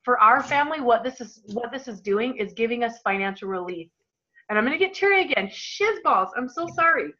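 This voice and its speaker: A woman's voice: fairly high pitch, animated, brisk, bright, forceful tone. A woman in her thirties leading a team call, giving an emphatic, emotional motivational talk. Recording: dull lo-fi call audio.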